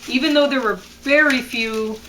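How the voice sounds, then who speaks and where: A woman's voice: sits high, normal speed, background noise. A woman co-hosting a casual show, reading lyric lines and explaining which words should carry the stress, with frequent ums. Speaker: podcast co-host reviewing songs. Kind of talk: casual analytical chat.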